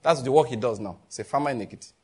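A Nigerian-accented pastor preaches a sermon at a racing pace, his voice slightly rough. He tells stories with animation, acting out the characters and voicing them in a raised pitch.

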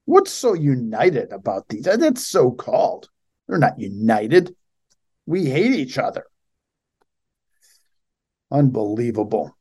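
A man's voice: mid-range voice, a little mellow. A man hosting a show, reading out a news article and mocking it with sarcastic commentary. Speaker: show host.

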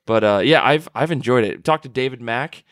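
A man's voice: mid-range voice, brisk, fairly bright tone, no room sound, clean studio sound. Rambling man chatting at a convention. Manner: rambling, laughs often, swears. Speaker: podcast host. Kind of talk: casual chat. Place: convention floor.

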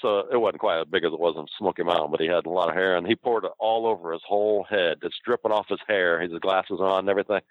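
A man's voice: low voice, quick pace, hardly any pauses, no room sound, narrow, tinny audio. A man, a former wrestler, telling a story in casual talk, laughing often and swearing freely. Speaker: former pro wrestler, guest.

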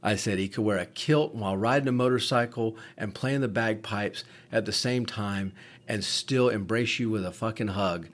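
At a moderate pace and in a lowish voice, a man who co-hosts a podcast and works as a paramedic recounts stories in easygoing chat. He swears often and restarts his sentences many times.

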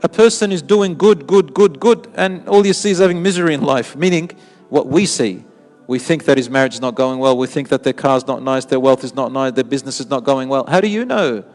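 A man giving an animated sermon who repeats words for emphasis and mixes in Arabic phrases. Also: mid-range voice, brisk, few pauses, big-room sound, faint music behind. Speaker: Islamic preacher. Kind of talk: sermon with storytelling.

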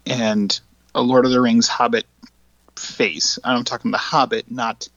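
A man's voice: medium pitch, little pitch movement, a little slow, fairly bright tone, dry recording, lo-fi sound. A man talking as a guest in a casual hobby chat, blunt and wry.

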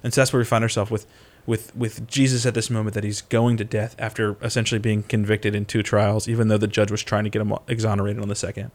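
A man casually retelling a Bible story as a podcast co-host, animated and full of fillers. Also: fairly low pitch, quick pace, hardly any pauses.

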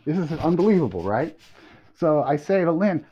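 Animated male storyteller, lo-fi. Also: on the high side, normal speed, husky. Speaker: podcast guest, songwriter. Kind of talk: storytelling anecdote. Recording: dull lo-fi audio.

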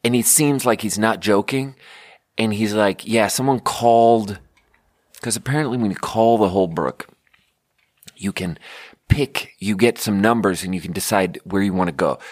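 A man's voice: fairly low pitch, normal speed, no echo, clean studio sound. A man in his thirties hosting a podcast, telling a rambling comic story with sarcastic asides and constant self-corrections. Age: 30s. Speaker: podcast host. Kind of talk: rambling comedic storytelling monologue.

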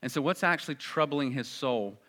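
A male preacher delivering a sermon with a bright, forceful tone. He speaks earnestly, and his voice rises loud and high when he stresses a point. His pitch sits in an average range for a man. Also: lively intonation, fairly quick. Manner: earnest, swells loud and high at emphatic moments.

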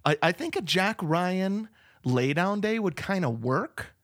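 A man's voice: high voice, expressive, measured pace, fairly bright tone, dry recording, studio quality. A man co-hosting a movie podcast in casual chat, playful and musing, with self-doubting asides. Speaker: podcast co-host.

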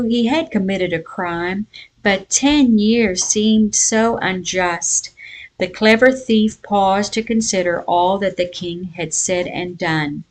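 A Bible teacher with a medium-pitched voice leads a devotional lesson and reads a folk tale aloud. She uses a measured, storytelling tone.

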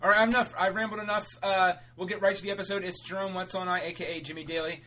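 A male podcast host with a bright, forceful tone and a slightly high voice. He rambles through his intro and sponsor spots in a loose, chatty way, swearing casually and correcting himself as he goes. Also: fairly even intonation, quick pace, rough recording.

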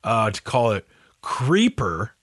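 A man's voice: lowish voice, big pitch swings, slow, fairly bright tone, no echo, clean studio sound. A man co-hosting a podcast in casual chat, rambling, laughing often and swearing casually. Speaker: podcast co-host.

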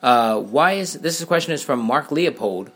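A man's voice: medium pitch, animated, normal speed, fairly bright tone. A man hosting a casual podcast, reading listener questions loosely with plenty of fillers and hesitations.

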